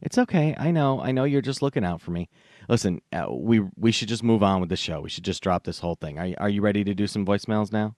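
A man's voice: lowish voice, quick pace, dry recording, clean studio sound. A man hosting a comedy podcast, casual and profane. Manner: profane, animated, laughing. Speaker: podcast host.

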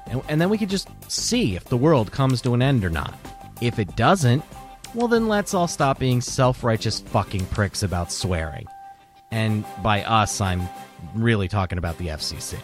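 A man's voice: medium pitch, big pitch swings, moderate pace, faint music behind. A man hosting a podcast, delivering an impassioned opinion rant full of rhetorical questions. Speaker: podcast host.

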